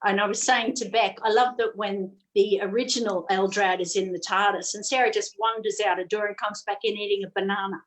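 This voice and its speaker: A woman co-hosting a podcast in casual chat, enthusiastic, acting out lines in a higher voice. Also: steady tone, brisk, hardly any pauses, low-quality recording. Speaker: podcast co-host.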